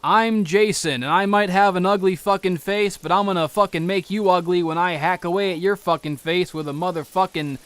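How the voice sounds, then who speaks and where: A man's voice: a little high, flat delivery, measured pace, no room sound, lightly acted. Man doing a foul-mouthed ranting Jason. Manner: profane muttering rant, mock-menacing. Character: foul-mouthed ranting male slasher killer.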